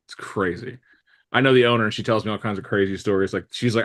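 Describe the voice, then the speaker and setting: A man giving a live real estate training talk to a room, lively and blunt, acting out little dialogues with jokes. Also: lowish voice, fast talker.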